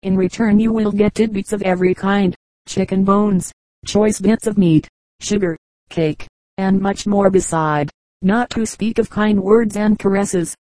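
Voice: medium pitch, steady tone, measured pace, darkish tone, dry recording, natural voice, low-quality recording. A reader voicing a smug, well-fed male house dog in an audiobook fable, boasting and coaxing.

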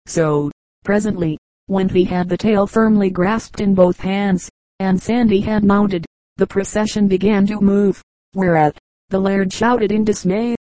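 A woman narrates short comic anecdotes in an even, measured storytelling way. Her voice is mellow and warm. The recording is dry and close, with no room sound around her. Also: mid-range voice, no echo, low-quality recording. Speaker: audiobook reader. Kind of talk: scripted narration of humorous anecdotes.

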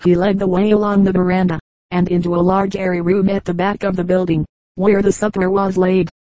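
A woman narrating an adventure novel in a steady, even reading that also voices the dialogue. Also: on the low side, a little fast, no echo, poor audio. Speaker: audiobook reader. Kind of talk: scripted narration.

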